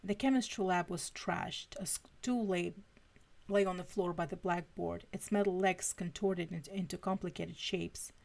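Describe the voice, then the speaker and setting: A woman's voice: lowish voice, steady tone, moderate pace, creaky, darkish tone. A woman reading fanfiction aloud on a live stream, stumbling and restarting now and then. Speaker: fanfiction reader.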